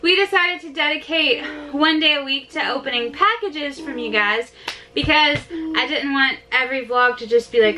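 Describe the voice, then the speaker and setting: A woman vlogging at home who chats in a gushing, emotional way, full of "like" fillers, while opening packages with her toddler. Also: high voice. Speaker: family vlogger. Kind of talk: casual vlog chat with a toddler.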